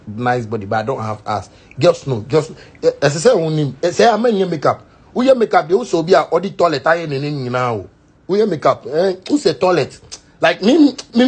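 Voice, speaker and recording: In this ranting social media clip, a musician with a Ghanaian accent fires back at a critic, his high-pitched, husky voice mocking the man through sing-song jeers. He mixes Pidgin with bits of Twi.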